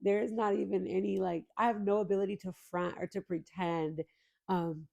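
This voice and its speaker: A woman's voice: medium pitch, steady tone, normal speed, creaky, darkish tone, lo-fi sound. A young adult woman hosting a faith podcast, talking in an earnest, emotional way straight to her listeners. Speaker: podcast host. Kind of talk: heartfelt faith podcast intro.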